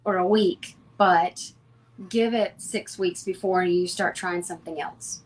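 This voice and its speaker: A woman speaking as a homeopath guest in an interview, giving advice in a calm, matter-of-fact, instructive way. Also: on the low side, measured pace.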